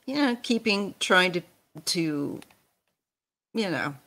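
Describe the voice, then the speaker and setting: A woman hosting a casual livestream chat, gentle and unhurried, reading viewer comments aloud. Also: on the low side, lively intonation. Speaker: host.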